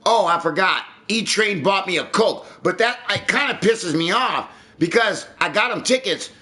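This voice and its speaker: A man's voice: high voice, lively intonation, moderate pace, pushed and bright. A man streaming live, chatting casually and ranting with lots of swearing. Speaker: livestreamer. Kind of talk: casual livestream chat.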